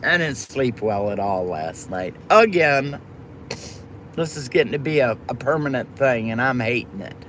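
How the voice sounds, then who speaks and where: A woman's voice: a bass voice, lively intonation, moderate pace, fairly bright tone, slight background noise. A woman hosting a livestream, chatting affectionately with viewers by name and pet names. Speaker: livestream host. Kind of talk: casual chat with viewers.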